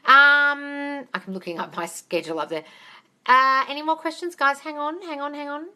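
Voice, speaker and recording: Bright-voiced woman coaching on a live stream. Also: sits high, normal speed. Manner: calls listeners "darling", casual swearing; upbeat, encouraging. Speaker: manifestation coach. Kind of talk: live-stream Q&A, reading viewer comments. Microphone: phone camera.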